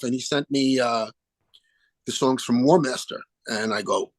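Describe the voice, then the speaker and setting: An older man, a guest musician chatting in an interview, animated and acting out the people he quotes. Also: medium pitch, normal speed, dry recording. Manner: animated storyteller, acts out phone calls in quoted voices. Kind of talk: casual interview chat.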